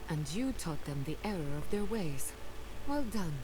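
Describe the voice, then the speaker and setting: A woman's voice: lowish voice, big pitch swings, moderate pace. An actress playing a blunt, scornful female companion in a video game. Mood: stern. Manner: cutting, scornful. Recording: game audio with background hiss.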